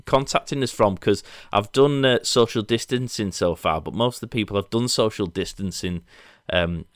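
A man's voice: lowish voice, normal speed, dry recording, clean studio sound. A man with a Yorkshire accent hosting a casual business podcast, chatty and rambling, laughing often. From Leeds, England. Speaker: podcast host. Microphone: remote online call.

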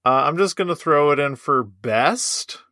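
A man's voice: fairly high pitch, lively intonation, unhurried, bright, forceful tone, no echo, studio quality. A man co-hosting a podcast in loose, joking casual chat, laughing often and swearing freely. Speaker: podcast co-host.

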